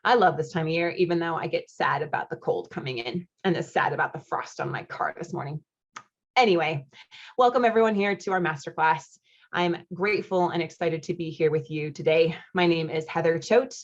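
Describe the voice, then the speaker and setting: An upbeat, chatty American woman in her thirties, a marriage coach, runs a live online masterclass through a computer mic, greeting viewers and reading their chat comments aloud. Her slightly low voice comes with quick laughs and friendly asides, while the webinar audio sounds dull and lo-fi.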